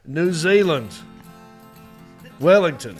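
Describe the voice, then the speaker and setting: A man's voice: fairly high pitch, sing-song, takes it slowly, soft background music. A man with a scratchy, sore throat hosting a casual comedy talk show, joking and rambling through stories. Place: studio set with a small crew.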